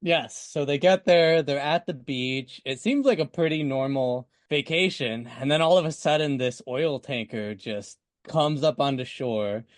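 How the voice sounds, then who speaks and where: A man's voice: mid-range voice, unhurried, hardly any pauses, dry recording. Laid-back man guest, dry sound. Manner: laid-back, easygoing plot summary. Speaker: podcast guest. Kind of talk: casual chat.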